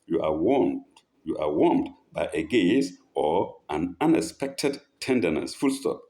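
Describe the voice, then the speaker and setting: Slow, deep-voiced man reading and explaining. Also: big pitch swings, mellow. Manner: reads a passage slowly, repeats phrases and stops to explain them; breaks off to mimic speakers in a raised voice. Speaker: religious teacher. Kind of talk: reading aloud and commenting.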